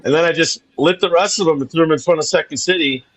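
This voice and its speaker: A man with a somewhat high voice who tells a story in a rambling, loose way. He keeps laughing mid-sentence as he goes. It is easygoing banter between comedians. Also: quick pace, a bit bright, poor audio. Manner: rambling, laughs through his own story. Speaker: guest comedian.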